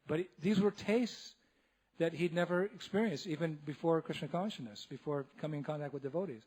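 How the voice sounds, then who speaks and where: Male monk lecturer, high-pitched, lively comic storyteller who breaks into laughter. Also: fairly quick, husky. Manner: animated, laughs often, acts out others' voices. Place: temple hall.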